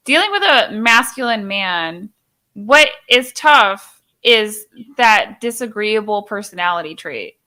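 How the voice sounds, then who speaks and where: Bright-voiced opinionated young woman. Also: mid-range voice, expressive, slow pace. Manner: emphatic, opinionated, acts out quoted voices. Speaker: live stream host. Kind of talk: casual live stream chat.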